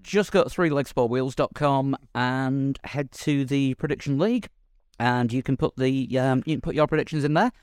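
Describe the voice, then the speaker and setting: A man hosting a casual podcast chat, talking in a halting way with many ums and restarts. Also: mid-range voice, clear, resonant tone, no echo, clean studio sound. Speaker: podcast host.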